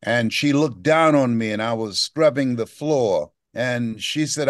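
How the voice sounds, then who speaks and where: A man's voice: mid-range voice, animated, a little slow, hardly any pauses, no room sound, studio quality. A man in his seventies, a motivational speaker telling a story in an interview, acting out the voices of the people in it. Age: 70s. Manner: dramatic storyteller, acts out quoted voices.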